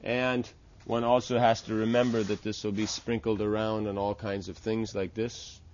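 A man's voice: fairly low pitch, little pitch movement, moderate pace, a little mellow, muffled recording, slight background noise. A man teaching the steps of a temple worship ritual, explaining patiently and often checking with "right?". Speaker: religious teacher. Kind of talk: instructional talk on temple worship.

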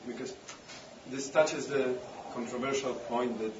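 A man's voice: medium pitch, unhurried. A man in the audience asking hesitant questions of a spiritual teacher. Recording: distant, roomy, muffled and noisy.

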